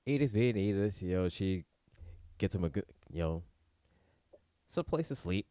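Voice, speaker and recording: A man hosting a casual livestream, chatting loosely and acting out characters in loud exaggerated voices. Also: sits low, moderate pace, dry recording, clean studio sound. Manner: animated, acts out characters with exaggerated shouted voices. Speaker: podcast host. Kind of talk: casual livestream chat recapping a TV episode.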